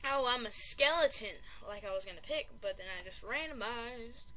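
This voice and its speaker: A woman giving live commentary over a video game, excitable and panicky, exclaiming and repeating herself and running herself down as a player. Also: on the high side, normal speed, soft background music. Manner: self-deprecating chatter. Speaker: gaming channel host.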